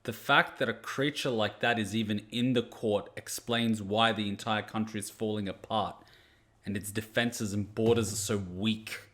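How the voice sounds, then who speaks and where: A man's voice: lowish voice, fairly even intonation, moderate pace, fairly bright tone. A man hosting an anime reaction video, joking and blunt, swearing freely as he comments.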